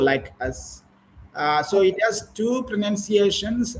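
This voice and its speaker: A man's voice: high-pitched, takes it slowly, a little hiss or hum, low-quality recording. A man with an Indian English accent, leading an online speaking practice for teachers, asking patient questions and correcting pronunciation.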